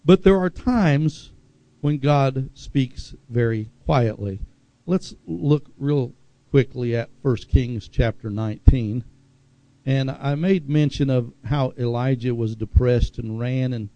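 A man's voice: medium pitch, slow pace, dark tone, no echo, muffled recording. A middle-aged man preaching a sermon in a conversational way, reading scripture aloud with asides.

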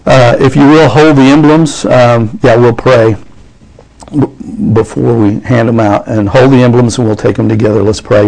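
A man preaching a sermon as pastor, fervent and rising into excited preaching. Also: mid-range voice, moderate pace, creaky, poor audio.

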